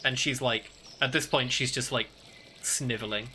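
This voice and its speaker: A man's voice: medium pitch, steady tone, normal speed, pushed and bright, a little hiss or hum. A man narrating a tabletop game as game master, rambling with lots of fillers. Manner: rambling, filler-heavy, laughs easily.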